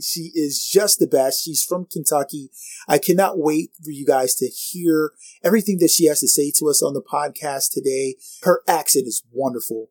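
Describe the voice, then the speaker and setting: A man hosts an interview podcast, eager and full of praise for his guest. His voice sits a bit high yet sounds mellow and warm. It is recorded dry and close, with faint music playing underneath. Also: normal speed, dry recording. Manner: enthusiastic, effusive praise of guest. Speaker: podcast host.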